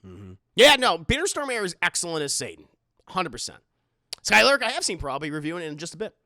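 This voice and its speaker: Animated, bright-voiced male streamer. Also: high-pitched, fast, no room sound, clean studio sound. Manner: animated, rambling, stumbles and repeats words. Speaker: streamer reacting to news and reading live chat. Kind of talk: casual live-stream commentary.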